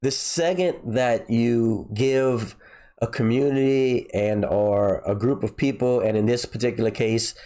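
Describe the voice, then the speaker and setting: A man's voice: mid-range voice, measured pace, mellow. Congested nasal man streaming. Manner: rambling, repeats words and restarts often. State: nasal and congested from a sinus infection. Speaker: crypto livestream host. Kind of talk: casual livestream commentary.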